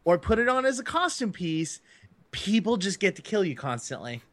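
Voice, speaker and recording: A man's voice: sits high, big pitch swings, normal speed, fairly bright tone. A man co-hosting a casual podcast, rambling through explanations with many restarts. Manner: rambling, stumbling restarts, laughing. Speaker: podcast co-host.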